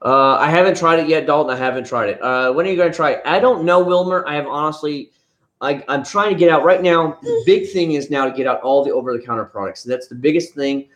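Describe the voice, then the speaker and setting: A man hosting a casual late-night livestream, answering viewers in a rambling, plainspoken way with halting restarts. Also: fairly high pitch. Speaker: livestream host reviewing car-care products. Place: home room with a young child nearby. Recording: echoey room with background noise. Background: noise, a child crying at times.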